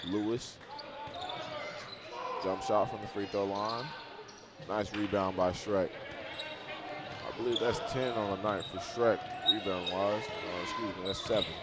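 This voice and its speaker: A man doing casual, chatty play-by-play for a college basketball game. He sometimes bursts into loud, excited calls on big plays. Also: fairly low pitch, measured pace, long pauses. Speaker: play-by-play commentator.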